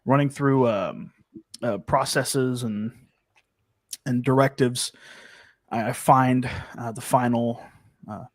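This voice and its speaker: Male player speaking in character, unhurried and halting, dry voice. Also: mid-range voice, steady tone, no room sound. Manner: describes actions haltingly with fillers. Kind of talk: in-character tabletop role-play.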